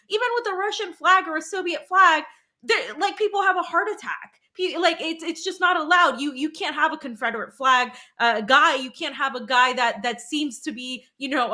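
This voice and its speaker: A woman co-hosting a political talk show, asking questions in a quick, animated way. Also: sits high.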